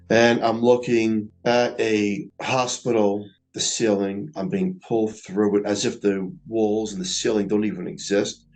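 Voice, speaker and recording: A middle-aged man, earnestly recounting a personal experience in a slow, reflective way. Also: fairly low pitch, darkish tone, low-quality recording. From Staten Island, New York. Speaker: near-death experiencer. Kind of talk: personal storytelling.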